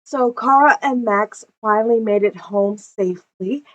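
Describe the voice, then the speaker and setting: A woman's voice: mid-range voice, measured pace, fairly bright tone, lo-fi sound. A woman giving casual, chatty narration of a life-sim game, with a playful, giggly storytelling manner. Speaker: gameplay narrator.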